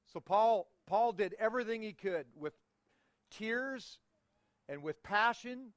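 A man with a high voice preaches a sermon from the pulpit. He is folksy and teaching, and he draws the congregation into call-and-response. The sound is dry and close, with little room echo. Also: measured pace, a bit bright. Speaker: pastor.

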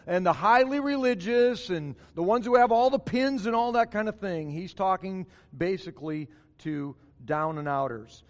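A male pastor delivers a sermon with emphatic repetition, driving his points home. His voice sits high for a man, and it rings out with a long reverb from the church sanctuary around him. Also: animated, moderate pace, few pauses. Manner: emphatic, repeats key phrases for stress.

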